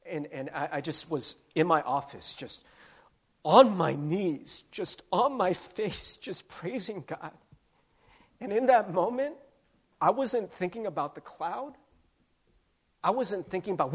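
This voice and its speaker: A man's voice: sits high, lively intonation, a little slow, husky. A man preaching a sermon in a church, earnest and conversational, with many restarts and fillers. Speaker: pastor. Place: church sanctuary.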